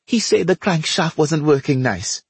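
A man doing a shrill, frantic wife. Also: expressive, unhurried, slightly rough, no room sound, exaggerated voice. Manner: shrill, wailing, pleading. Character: frantic woman, fussing devoted wife.

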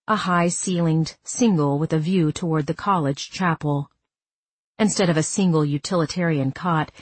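A woman reading a first-person story aloud as an audiobook narrator, calm and measured. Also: deep voice, slightly rough, no echo.

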